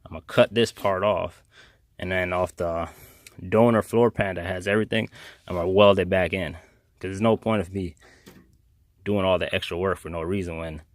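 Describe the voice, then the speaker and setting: Low-voiced man in a garage vlog. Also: fairly even intonation, moderate pace, long pauses, no echo. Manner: informal, rambling, plainspoken. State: out of breath. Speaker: car restorer. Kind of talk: casual garage vlog walkthrough. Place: home garage workshop.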